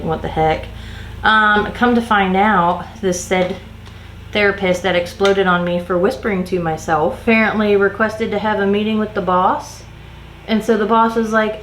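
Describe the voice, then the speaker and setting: A woman chats casually to camera while doing her makeup, slipping into exasperated rants with casual swearing. Her voice sits at a middle pitch. The room around her is echoey, with a faint hiss underneath. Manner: ranting, exasperated storytelling. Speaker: makeup vlogger.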